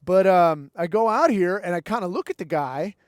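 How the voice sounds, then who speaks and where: A man's voice: high-pitched, expressive, normal speed, no echo, studio quality. A man hosting a podcast, telling a war story in a rambling, profane, wry way. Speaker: podcast host. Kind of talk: casual storytelling monologue.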